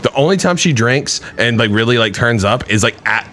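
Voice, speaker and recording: A man's voice: medium pitch, lively intonation, brisk, a bit bright, a little hiss or hum. A man hosting a casual podcast chat, telling a rambling, profane story full of filler words. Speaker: podcast host.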